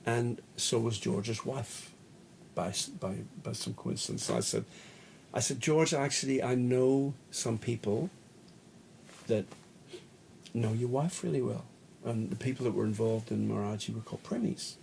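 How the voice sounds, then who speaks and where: Middle-aged Australian male, gravelly, chatty anecdotal storyteller, mid pitch. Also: measured pace, a little mellow, a little hiss or hum. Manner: rambling anecdotal storyteller, laughs often, acts out quotes. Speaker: guest musician, bass player. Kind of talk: casual storytelling interview.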